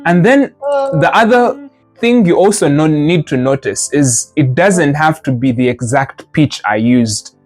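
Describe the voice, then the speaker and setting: A man's voice: a little high, lively intonation, measured pace, darkish tone, faint music behind. A man teaching a language class, patiently modeling sounds and drilling students with repetition. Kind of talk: classroom lesson.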